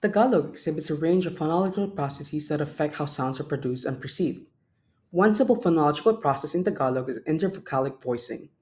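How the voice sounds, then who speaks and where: A man's voice: a little high, animated, fast talker, a little mellow. Young male student presenter reading a prepared class talk and sounding out example words. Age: young adult.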